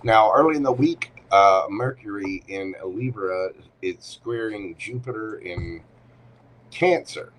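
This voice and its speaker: Man, low and unhurried, chatty tarot host on a live stream, faint room hum behind. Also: poor audio. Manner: chatty, talks to himself while shuffling. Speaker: tarot reader.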